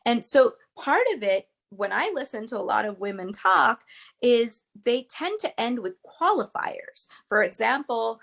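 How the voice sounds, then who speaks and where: A woman's voice: on the high side, expressive, a little slow, creaky, fairly bright tone. A woman speaking as a guest, a public speaking coach explaining with emphatic, teacherly energy. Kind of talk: interview guest.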